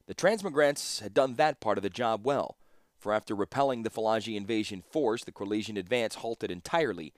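Low-voiced male audiobook narrator. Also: a little fast, dry recording, clean studio sound.

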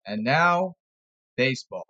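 A man's voice: medium pitch, big pitch swings, slow pace, pushed and bright, highs cut off. A man giving a rambling, sarcastic sports commentary monologue, exasperated and jumping from topic to topic. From New York area.

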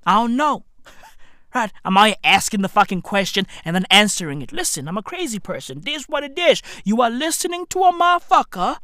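A woman's voice: medium pitch, very animated, a little fast, fairly bright tone, no room sound, studio quality. A woman delivering a profane, slang-heavy rant full of rhetorical questions. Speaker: commentator.

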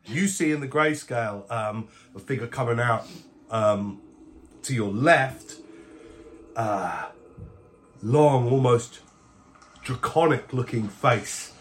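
A man narrating as the game master of a family tabletop game, describing scenes in a measured way. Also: medium pitch, a little hiss or hum.

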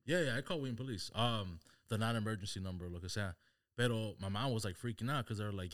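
A man with a fairly low voice tells a story on a casual podcast. He is animated and drops Spanish phrases in as he talks. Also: fast, dry recording, studio quality. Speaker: podcast co-host.

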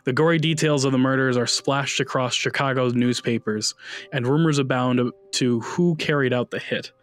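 A man narrating a tabletop horror game as its game master, with faint music playing behind him. His delivery is relaxed and unhurried, filled with ums and uhs as he sets each scene. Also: mid-range voice.

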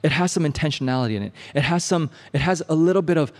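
A man from the Midwestern United States preaches in a casual, animated way and tells a story with frequent fillers and "right?" tags. His voice sits slightly high. It carries a long reverb that fills a large hall. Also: fast talker. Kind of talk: conversational sermon storytelling.

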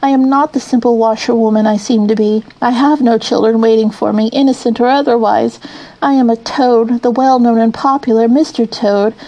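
A woman reading as a boastful, self-pitying male toad gentleman who pleads and excuses himself dramatically in an audiobook. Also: a little high, moderate pace, gravelly, low-quality recording. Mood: pleading.

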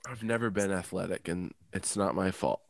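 A man's voice: low-pitched, moderate pace, creaky. A man co-hosting a podcast in casual chat, self-mocking and laughing often. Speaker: podcast co-host.

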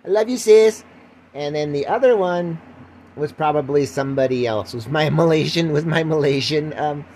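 A man's voice: fairly high pitch, normal speed, a little mellow, slight background noise. An older man hosting a rambling solo podcast, mocking himself while lying at home with the window open. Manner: rambling, self-mocking, breaks into mock voices. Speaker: podcast host.

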